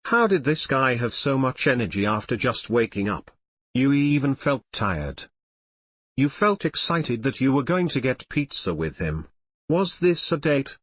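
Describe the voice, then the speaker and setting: Male narrator for a fan fiction audiobook; animated and expressive, dry read. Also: medium pitch, measured pace, no echo. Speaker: reader.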